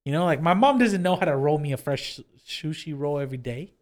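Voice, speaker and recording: A young man co-hosting a laid-back podcast, his voice pitched a bit high and swinging widely as he talks. He swears constantly and laughs often, in loose, casual chat. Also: a little fast. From Mexican-American. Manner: swears a lot, laughs easily, animated. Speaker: podcast co-host.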